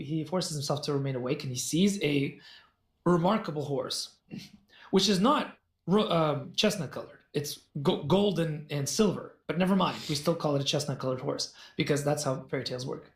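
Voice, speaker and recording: A man telling a fairy tale as a podcast guest, in an animated, jokey way with asides. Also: fairly high pitch. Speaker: guest storyteller. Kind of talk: casual storytelling in a podcast conversation. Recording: roomy echo.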